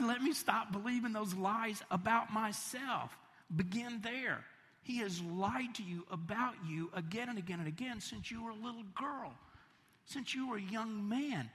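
A man preaching a sermon, animated, swinging between emphatic lines and hushed, soft ones. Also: extremely high pitch. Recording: long reverb of a large hall.

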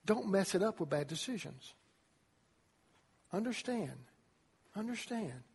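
A man preaching a sermon to young people as a youth pastor, animated, acting out voices as he tells the story. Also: sits high, measured pace, slightly rough. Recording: long reverb of a large hall.

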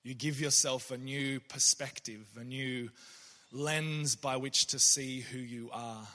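A man's voice: medium pitch, fairly even intonation, takes it slowly, pushed and bright, big-room sound. A man, a poet, giving a reflective faith talk that mixes in stories. He speaks earnestly, often restarts his sentences, and briefly acts out the voices of people he quotes.

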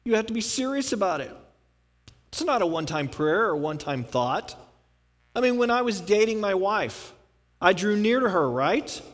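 High-voiced pastor in a reverberant hall. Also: male voice, very animated, normal speed. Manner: folksy, asks rhetorical questions, repeats punchlines. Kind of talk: conversational sermon. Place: church sanctuary. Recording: long reverb of a church hall.

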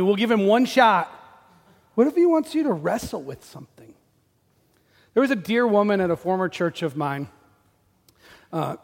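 A man in his forties delivers a sermon with a light, high-pitched voice. He tells stories in an animated, self-deprecating way, and his words ring out with a long reverb across a church hall. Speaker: pastor.

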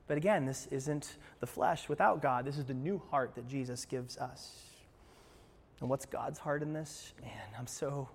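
A man pastor preaching a sermon in a church, moving between hushed passages and emphatic ones, with playful asides to the congregation. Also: a little high, gravelly, in a large hall. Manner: passionate, swings from hushed to emphatic. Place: church sanctuary.

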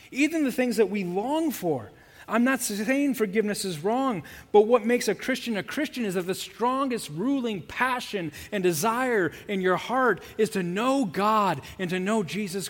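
A man's voice: high-pitched, in a large hall. A male pastor preaching a sermon in earnest, repeating key phrases for emphasis.

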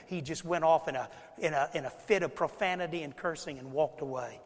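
A man preaching a sermon to his congregation, swinging between loud emphasis and quiet lines and acting out the people he quotes. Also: on the high side, fast talker, hardly any pauses, in a large hall. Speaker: pastor. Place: church sanctuary.

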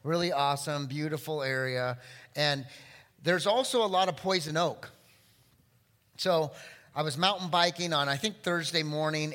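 In a church sanctuary, a middle-aged pastor with a voice on the high side preaches to his congregation in a large hall. He tells a personal story, starting out animated and then turning quiet and tender.

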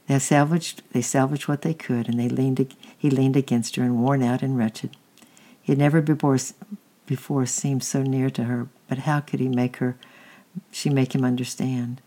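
A reader reading a children's story aloud, unhurried and halting, often correcting slips. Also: medium pitch, level tone, warm tone.

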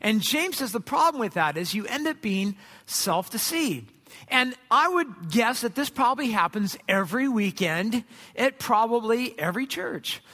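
A man's voice: extremely high pitch, lively intonation, normal speed, sharp tone. A middle-aged man preaching a conversational sermon as pastor, joking and acting out imagined voices. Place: church sanctuary. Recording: long hall reverb.

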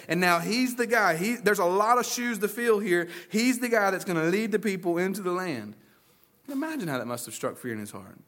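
A man delivering a Sunday sermon with a somewhat high voice. He talks in an easygoing, conversational way, slipping into casual paraphrases and stories. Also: fairly bright tone. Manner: conversational preaching with folksy asides and paraphrased dialogue. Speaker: pastor.

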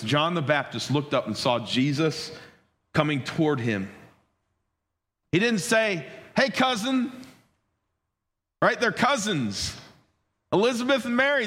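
A man's voice: mid-range voice, fairly bright tone. A man preaching a sermon as pastor, talking conversationally with joking asides. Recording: echoey room, distant mic.

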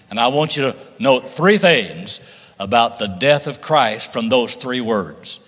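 A man's voice: medium pitch, expressive, a little slow, a bit bright. A man preaching a sermon, reading scripture aloud and stressing key words with rising emphasis. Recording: long reverb of a large hall.

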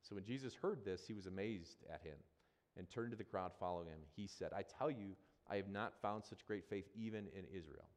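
A man's voice: deep voice, fairly quick, big-room sound. A man preaching a sermon as a pastor, talking conversationally and repeating phrases for emphasis.

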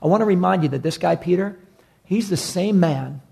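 A male pastor delivering a sermon with a somewhat high voice and a gravelly edge. He is animated, slipping into quick impressions of bewildered onlookers while keeping a preacher's drive.

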